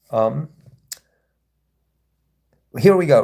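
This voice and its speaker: A man's voice: mid-range voice, lively intonation, moderate pace, gravelly, a little mellow. A man hosting a casual livestream, rambling and sarcastic as he reads and answers chat comments. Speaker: livestream host.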